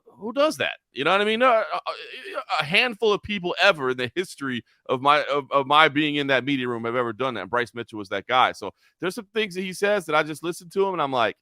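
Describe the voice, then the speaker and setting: A man co-hosting a casual sports talk show, animated and often repeating words as he gathers his thoughts. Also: fairly high pitch, fast, dry recording, studio quality. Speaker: co-host, sports commentator.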